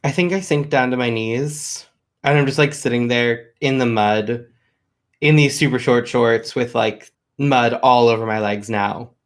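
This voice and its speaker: A man's voice: medium pitch, measured pace. A man playing a tabletop game who talks casually, hesitantly and with many fillers. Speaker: player. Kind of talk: tabletop role-play talk.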